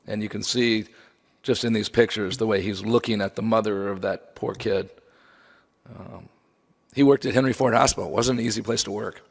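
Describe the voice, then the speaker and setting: A man's voice: lowish voice, steady tone, moderate pace, vocal fry, husky. A man giving a memorial lecture from slides, conversational with wry asides. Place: lecture hall. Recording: long hall reverb.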